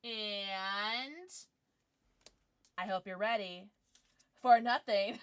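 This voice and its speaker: A woman streamer chatting casually with viewers as she opens trading cards, excitable and quick to gasp and squeal. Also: medium pitch. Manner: excitable, gasping and squealing at pulls. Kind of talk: livestream chat while opening trading cards.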